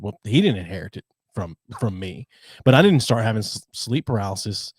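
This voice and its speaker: A man's voice: lowish voice, no echo. A middle-aged man co-hosting a podcast, telling personal stories in easy chat, often stopping to restart a phrase. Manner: storytelling, halting restarts. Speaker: podcast co-host.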